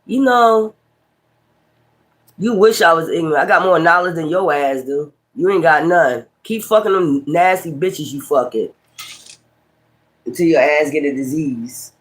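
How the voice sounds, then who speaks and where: A man's voice: fairly high pitch, a little slow, long pauses. A man with a Brooklyn accent doing a tarot reading, ranting profanely and combatively at his critics. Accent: Brooklyn, New York. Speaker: tarot reader. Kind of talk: casual tarot livestream rant.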